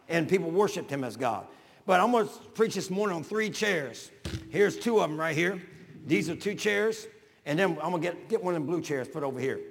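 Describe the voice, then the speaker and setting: Older preacher with a gravelly voice. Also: male voice, a little high, in a large hall. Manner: folksy, builds to shouting. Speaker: pastor. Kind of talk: sermon.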